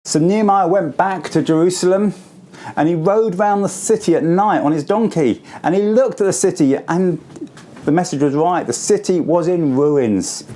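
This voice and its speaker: A man in his forties giving a school assembly talk, telling a story to children in simple, lively words. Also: high voice, normal speed. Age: 40s.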